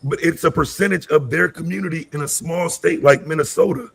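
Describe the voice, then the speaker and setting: A man's voice: a little high, fairly quick, gravelly, fairly bright tone, slightly rough, no room sound. A man arguing defensively in a live debate stream, insisting on his point. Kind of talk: heated argument.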